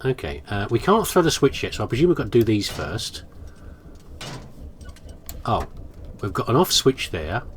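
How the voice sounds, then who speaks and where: A man's voice: fairly low pitch, very animated, moderate pace, pauses often, slight background noise. A man commentating his horror game playthrough in a playful, musing, self-mocking way. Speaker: gaming commentator. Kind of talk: let's play commentary.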